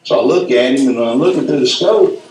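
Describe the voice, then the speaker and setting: A man's voice: mid-range voice, expressive, fairly quick, a little mellow, a little hiss or hum. Southern storyteller, middle-aged man, folksy, echoey hall, a bit distant from the mic. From North Alabama, USA. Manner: folksy, acts out sounds and quotes. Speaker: speaker at a symposium. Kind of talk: storytelling talk. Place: event hall.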